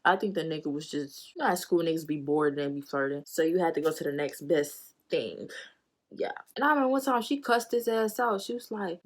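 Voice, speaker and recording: Young woman spilling tea on her vlog, lowish voice, slangy and cussing a lot. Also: moderate pace. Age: 20s. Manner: animated, profane slangy storytelling; acts out quotes with sudden high jumps. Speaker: vlogger. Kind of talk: storytime chat.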